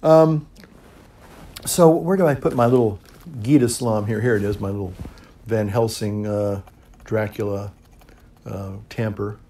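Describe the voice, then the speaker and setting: A middle-aged man, a priest, chatting casually to camera in a relaxed, rambling way, chuckling often and pausing to puff on his pipe. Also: lowish voice, slight background noise. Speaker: priest and pipe-smoking video host.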